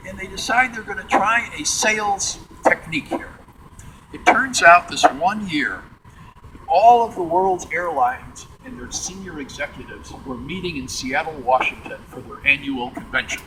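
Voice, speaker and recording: A man from the Midwest, guiding a museum tour and telling stories in an animated way. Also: high voice, normal speed, background noise. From Midwestern United States. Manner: animated, acts out quotes in character voices. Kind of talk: storytelling tour talk. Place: large museum hangar, indoors.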